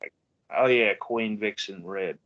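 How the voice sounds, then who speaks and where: A man's voice: lowish voice, unhurried, no room sound, highs cut off. A man on a casual podcast rambling through a story and retelling a chat.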